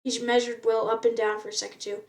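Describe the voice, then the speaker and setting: A woman reading a novel aloud, unrehearsed and plain. She often trips over words and goes back to restart them. Her voice sits somewhat high. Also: flat delivery, fast talker, darkish tone, recorded from a distance. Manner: unpolished reading, frequent stumbles and restarts. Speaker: reader.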